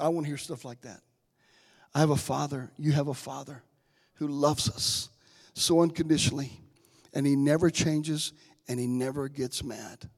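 A preacher with a high voice delivers an impassioned sermon to his congregation. He drops to a hush, then builds back to loud cries. His voice rings out with the long reverb of a church hall. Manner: impassioned, swells from soft to loud; addresses the congregation directly.

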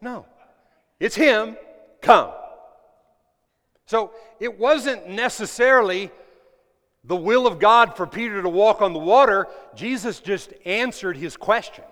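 A man preaches in a church sanctuary with a high, bright voice that rings with long reverb. He swings from forceful, loud emphasis to near-hushed lines. He keeps drawing the congregation in with questions. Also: animated, slow, long pauses. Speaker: pastor. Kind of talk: sermon. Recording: long reverb of a large hall.

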